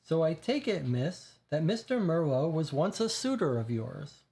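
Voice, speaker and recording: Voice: medium pitch, big pitch swings, measured pace, vocal fry, warm tone. A reader voicing a young, earnest detective who questions people politely. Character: polite street-smart boy detective, eager.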